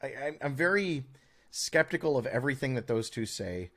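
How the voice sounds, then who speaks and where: A man's voice: medium pitch, animated, normal speed, fairly bright tone. A man co-hosting a podcast, in rambling, opinionated chat with many stammered restarts and a sarcastic edge. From United States. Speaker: podcast co-host.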